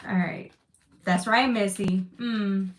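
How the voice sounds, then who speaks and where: With a medium-pitched, somewhat bright voice, a woman reads tarot live for her chat. She reassures emphatically, circles back to the same phrases, curses offhandedly, and grows emotional enough to nearly cry at moments.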